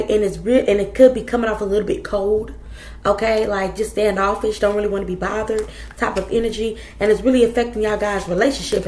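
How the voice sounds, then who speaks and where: A woman's voice: medium pitch, echoey room. Blunt, profane woman reading tarot. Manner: blunt, profane, chatty, addresses viewers as y'all. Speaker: tarot reader.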